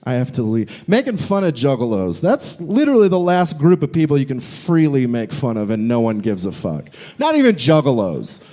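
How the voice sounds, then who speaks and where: A young man performing a live stand-up set in a brewery, animated and jumping into squeaky voices for his bits. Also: moderate pace, few pauses. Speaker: stand-up comedian. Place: brewery comedy show.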